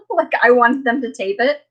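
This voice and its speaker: A woman's voice: a little high, very animated, moderate pace, muffled recording. A woman hosting a casual live chat, rambling through personal stories and laughing often between sentences. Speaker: livestream host.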